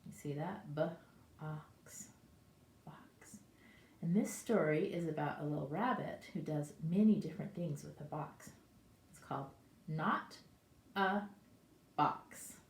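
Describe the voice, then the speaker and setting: A woman as a preschool teacher reading a picture book to young children and asking them questions, in an animated way. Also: low voice, normal speed. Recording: echoey room.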